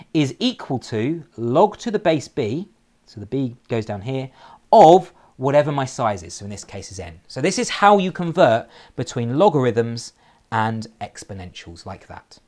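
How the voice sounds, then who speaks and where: A man teaching a recorded maths lesson, explaining step by step and checking in with "okay?" after nearly every sentence. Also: fairly high pitch. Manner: lively, shifting emphasis, slows down to spell out key phrases.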